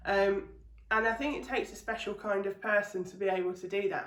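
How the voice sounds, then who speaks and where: A woman's voice: medium pitch, steady tone, brisk, reverberant, far from the mic. A woman doing stand-up comedy in a chatty, swearing, ranting manner, recording at home. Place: home room.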